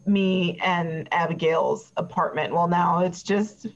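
A woman's voice: lowish voice, slow pace, voice pushed down. A woman voicing a chatty, petty witness who rambles with many fillers and gets defensive. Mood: rambling. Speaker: player voicing a trial witness. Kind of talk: improvised tabletop role-play. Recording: dull lo-fi recording.

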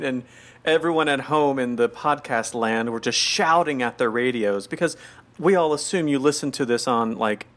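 A man's voice: mid-range voice, moderate pace, a bit bright. A man co-hosting a podcast in casual chat, playful and giggly, with lots of asides and fillers. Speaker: podcast co-host.

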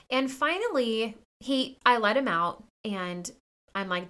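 A woman's voice: mid-range voice, lively intonation, normal speed, bright, forceful tone. A woman in her thirties hosting a podcast, telling a personal story in a chatty way, full of fillers and quoted dialogue. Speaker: podcast host. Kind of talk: casual personal talk to listeners.

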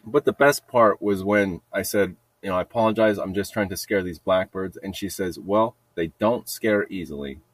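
A man's voice: sits low, normal speed, hardly any pauses, no echo. A middle-aged man telling a story in a rambling casual monologue, repeating himself and laughing at his own jokes. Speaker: podcast host telling a story.

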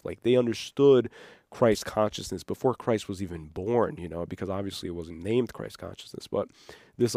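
Male solo podcast host, mellow low voice, rambling excitable delivery, dry close sound. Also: no room sound. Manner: rambling, excitable, loses his train of thought. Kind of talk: unscripted solo monologue.

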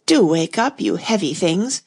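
A woman's voice: mid-range voice, expressive, unhurried, gravelly, darkish tone, husky, heavily acted. A woman voicing an impatient, puzzled young girl in a raised, girlish voice.

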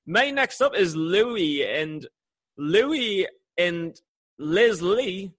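A man's voice: high-pitched, lively intonation, drawn-out words, fairly bright tone, husky. A man co-hosting an interview in a playful, joking way. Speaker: co-host. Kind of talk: casual interview chat.

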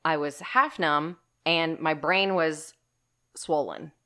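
Deep-voiced and slow, a woman telling a story as a podcast co-host chats casually, with animated emphasis. She calls the audience y'all and swears in a casual way.

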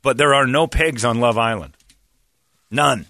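A man's voice: medium pitch, measured pace, bright, forceful tone, dry recording, studio quality. A man hosting a comedy podcast, ranting in a crude, sarcastic and emphatic way. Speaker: podcast host. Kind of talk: casual comedic rant.

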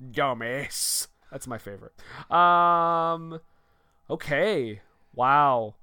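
Male co-host, slightly high voice, dry sound, stammering comic banter. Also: animated, normal speed, bright, forceful tone, clean tone, no room sound. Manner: stammering, laughs often. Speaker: co-host presenting mock awards. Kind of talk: casual comedy banter.

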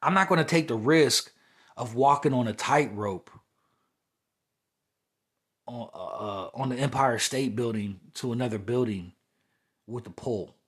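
A man's voice: mid-range voice, unhurried, long pauses, fairly bright tone, husky. A young man hosting a podcast, talking through a heated, rambling spiritual monologue that often circles back to "you know what I'm saying". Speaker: podcast host.

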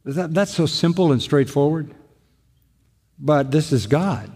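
An older male pastor delivers a sermon, pressing his points with emphasis and repeating key phrases. His voice sits a touch high for a man. It rings out with a long reverb, as if filling a large church hall. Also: animated, unhurried, a little mellow, slightly rough.

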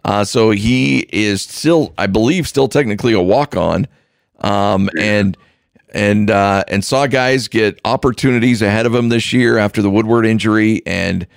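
A man co-hosting a sports radio show, talking in a halting, casual way with many restarts. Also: fairly low pitch, gravelly, no room sound, studio quality.

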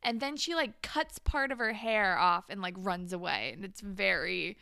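A woman's voice: mid-range voice, moderate pace, gravelly, dry recording, clean studio sound. A young woman co-hosting a podcast, recapping a TV episode in casual chat and acting out characters' lines with lots of laughs. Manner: animated, laughs often, acts out characters' lines. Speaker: podcast co-host.

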